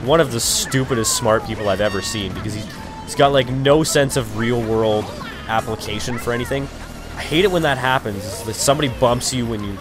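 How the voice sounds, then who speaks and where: A young man rambling through casual gaming commentary, profane and over-caffeinated, with sudden raging outbursts. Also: medium pitch. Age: young adult. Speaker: let's play commentator. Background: game music.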